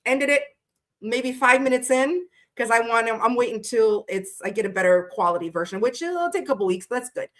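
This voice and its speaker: Tired woman doing a tarot live stream, kinda high voice, chatty and playful, says hi to everyone in chat, swears casually. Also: expressive, fairly quick. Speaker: tarot livestream host. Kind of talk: casual livestream chat greeting viewers.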